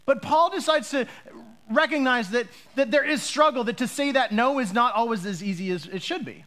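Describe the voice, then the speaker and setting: A man's voice: very high voice, moderate pace, sharp tone. A pastor preaching to his congregation, conversational and joking at times, rising to emphatic calls when he makes a point. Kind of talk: sermon.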